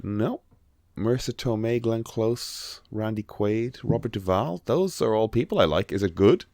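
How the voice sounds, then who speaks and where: Irish male podcast co-host, low-ish register, dry close recording, rambling and profane. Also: lively intonation, moderate pace, darkish tone, dry recording. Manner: rambling, swears casually, frequent restarts. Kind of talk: casual chat.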